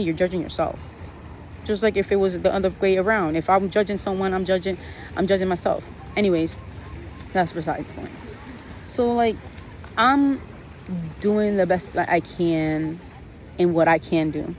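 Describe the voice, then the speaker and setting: A woman's voice: on the low side, a little mellow, a little hiss or hum, rough recording. A woman telling a story on her vlog in a casual, blunt, profane way, venting about her trip. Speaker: vlogger.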